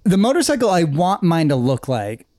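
A young man co-hosting a podcast, tossing in quick reactions and dry jokes. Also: on the high side, big pitch swings, a little mellow, dry recording. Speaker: podcast co-host. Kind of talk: casual chat.

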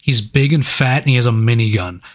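A man's voice: mid-range voice, a little fast. Profane laughing man reviewing movies. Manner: laughing, profane, animated storytelling. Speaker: podcast co-host. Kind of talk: casual movie review chat.

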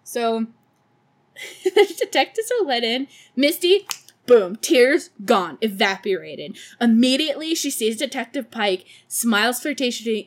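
A young woman hosting a podcast, recapping a film in a casual, sarcastic, profane way with laughing asides. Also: a little high. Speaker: podcast host.

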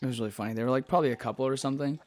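Animated young man telling stories. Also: mid-range voice, very fast. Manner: animated storytelling, lots of swearing and "like". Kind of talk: casual chat.

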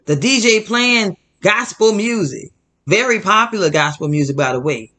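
A Christian commentary host speaks straight to his viewers, calling them "y'all," in an indignant, fired-up, preachy delivery full of emphatic repetition. His voice is high, sharp and animated at a normal pace.

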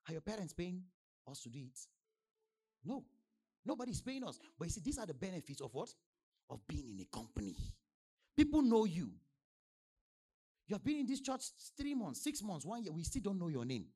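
A man with a Nigerian accent preaching a sermon as pastor, firing questions at the congregation and swinging from soft asides to loud exclamations. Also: high voice, fast, husky. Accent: Nigerian English. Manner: animated preaching with call-and-response questions to the congregation.

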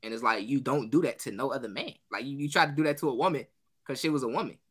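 A man's voice: mid-range voice, quick pace, breathy edge. A man co-hosting a casual podcast, telling a story with acted-out quotes and frequent laughter. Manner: animated storytelling, acts out quotes, laughs often. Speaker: podcast co-host.

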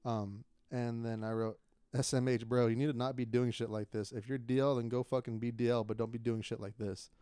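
Smooth-voiced young man telling a story. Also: mid-range voice, brisk, no echo, clean studio sound. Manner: profane, animated retelling with laughter. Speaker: podcast co-host. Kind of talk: casual chat, storytelling.

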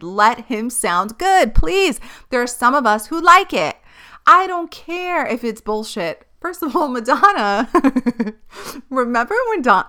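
Bright, animated woman podcasting solo. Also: mid-range voice, smooth. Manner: candid, animated, swears freely. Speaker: podcast host. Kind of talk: casual solo podcast chat.

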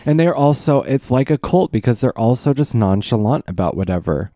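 A man's voice: medium pitch, expressive, a little fast, dark tone, no room sound, clean studio sound. A man co-hosting a podcast, chatting casually and animatedly, slipping into exaggerated impressions. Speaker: podcast co-host. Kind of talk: casual chat.

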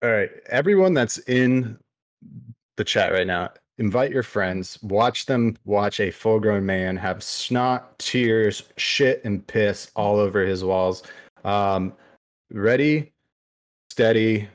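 A man's voice: lowish voice, slow pace, no room sound. A young man co-hosting a live podcast stream, swearing a lot and talking through the burn of a very hot chip. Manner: profane, pained. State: in pain from spice. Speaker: podcast co-host doing a spicy chip challenge. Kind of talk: casual live-stream banter.

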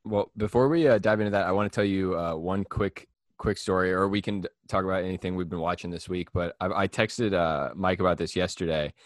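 A young man hosting a casual podcast chat, telling a rambling story with frequent laughs and quick impressions of people. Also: sits low, fairly even intonation, dry recording, studio quality. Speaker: podcast host.

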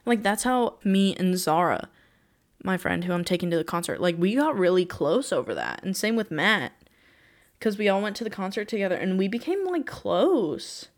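Teen girl, podcast host, excitable solo chatter with quick gasps and exclamations. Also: medium pitch. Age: teens. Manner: gushing, breathless, exclamations. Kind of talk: casual solo chat.

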